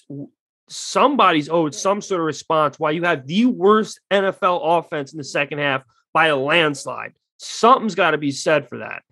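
A man's voice: fairly high pitch, fairly bright tone, no echo. A man ranting bluntly in casual sports talk, swearing freely and getting heated. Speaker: podcast co-host.

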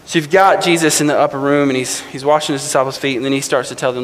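A man preaching a sermon, reading scripture slowly and deliberately, then explaining it in a casual, self-correcting way. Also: mid-range voice, fairly even intonation, long reverb tail, poor audio. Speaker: pastor.

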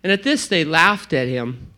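A man playing a grateful father in a first-person monologue, telling his story slowly and earnestly. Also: a little high, sing-song, bright, forceful tone, full character voice. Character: grateful father whose daughter was raised.

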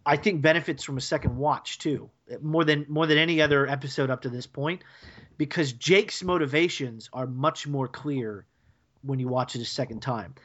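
A man co-hosting a podcast, explaining his points at length with quick asides. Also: a little high, fairly even intonation, a bit bright. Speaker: podcast co-host. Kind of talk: casual podcast chat. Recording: dull podcast audio.

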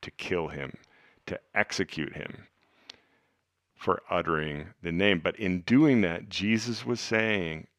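Deep-voiced man teaching earnestly. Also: slow, dry recording. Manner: earnest, conversational, dropping to hushed tones for emphasis. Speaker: podcast host and Bible teacher. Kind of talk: casual teaching talk.

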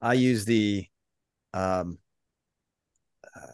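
Male co-host, smooth resonant voice, matter-of-fact, dry close mic. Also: on the low side, extremely slow, no room sound. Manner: plain-spoken, matter-of-fact. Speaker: podcast co-host, father. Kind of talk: casual chat.

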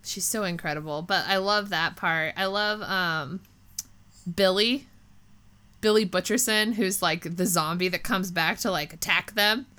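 A woman co-hosting a casual chat, animated and acting out lines from scenes she retells. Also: fairly low pitch, a little slow, clear, resonant tone. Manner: animated, acts out quotes from scenes.

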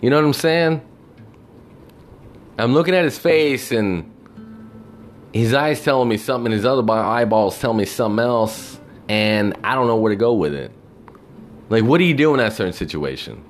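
A man's voice: mid-range voice, moderate pace, pauses often, faint music behind. A man telling a profane, exasperated story about his job in a casual rant, acting out the people he quotes. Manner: animated, mimics people in quotes.

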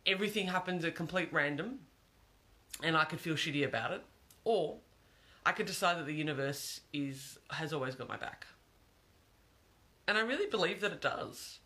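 A man's voice: on the high side, moderate pace, sharp tone. A man giving an earnest, reflective monologue, repeating phrases for emphasis.

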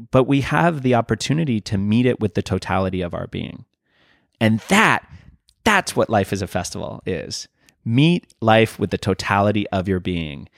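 A man, a podcast guest, telling a story in a casual, animated and earnest way, swearing now and then. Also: lowish voice, no room sound, studio quality.

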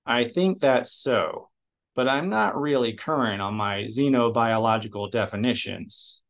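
A man's voice: medium pitch, a little slow, gravelly, fairly bright tone. A man reading aloud, voicing a stubborn, methodical male alien engineer who speaks precisely and matter-of-factly.

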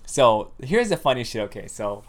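A man's voice: medium pitch, moderate pace. A man in his thirties co-hosting a casual podcast, telling stories with lots of swearing and acted-out quotes. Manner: animated storytelling, acts out quotes, swears a lot. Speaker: podcast co-host. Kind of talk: casual profane chat.

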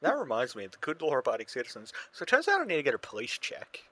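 A young man trades jokes on a podcast, his voice bright and animated as it swings up and down. He sounds close and dry on the mic, sardonic and quick with a punchline. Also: medium pitch, husky, dry recording. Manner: jokey, sardonic banter. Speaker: podcast co-host. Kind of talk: casual podcast chat.

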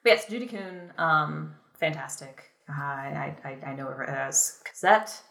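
Low-voiced woman rambling in an echoey room. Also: measured pace, vocal fry, fairly bright tone. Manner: rambling, frequent laughs and filler words. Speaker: podcast co-host. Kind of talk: casual film review chat.

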